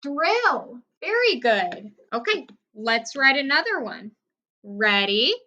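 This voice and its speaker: A young woman teaching first graders a recorded phonics lesson, speaking clearly and encouragingly with steady praise. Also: fairly high pitch, takes it slowly, lo-fi sound.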